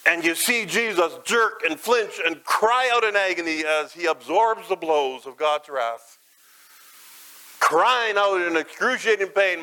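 A man preaching a sermon as guided imagery, dramatic, swelling loud and high, then dropping soft and low. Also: lively intonation, a little slow, poor audio.

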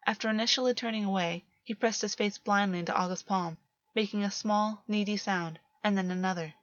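Female audiobook narrator, measured delivery, dry lo-fi home recording. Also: medium pitch, steady tone, no room sound. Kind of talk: audiobook reading of fan fiction. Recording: dull lo-fi, dry.

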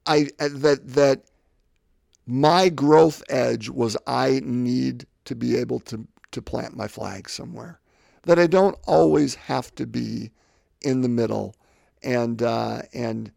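Man, fifties, podcast host, rough gravelly voice, dry close sound, rambling reflective talk. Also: mid-range voice, slow pace, a little mellow, dry recording. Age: 50s. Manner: rambling, repeats words while thinking.

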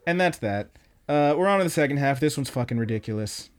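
A man's voice: mid-range voice, expressive, quick pace. A young man hosting an anime podcast, casually recapping episodes with loose, swearing, filler-heavy storytelling. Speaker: podcast host.

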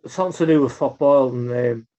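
A man from Birkenhead with a Merseyside accent, swearing and filling his casual stories with "like" as he rushes bursts of words. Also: medium pitch, dark tone. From Birkenhead, England. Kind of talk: casual storytelling chat. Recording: dull lo-fi sound.

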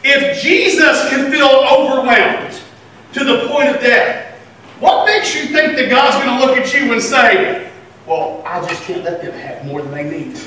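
Male pastor, high-pitched, shifts from soft to loud, heard from a distance in an echoey hall. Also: a little slow, a little hiss or hum. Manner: animated preaching that swings between loud and quiet. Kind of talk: sermon. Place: church sanctuary.

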